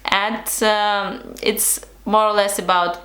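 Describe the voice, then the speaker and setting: Slow-talking young Russian woman vlogger. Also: mid-range voice, flat delivery, a bit bright, roomy sound. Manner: hesitant, lots of fillers and restarts, frequent laughs. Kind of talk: casual talk to camera.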